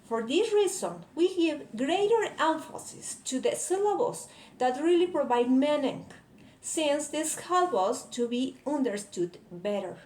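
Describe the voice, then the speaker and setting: A woman's voice: sits high, expressive, a little slow, a little mellow. A woman whose first language is Spanish, carefully reading a prepared explanation as a student presenter. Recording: echoey room, faint ambient noise.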